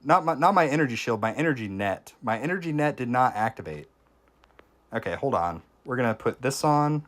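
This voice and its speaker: Man, game streamer, mid-pitched, relaxed commentary with excited bursts. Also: a little fast. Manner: casual, reacts excitedly to the game, chats with viewers. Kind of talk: live gameplay commentary.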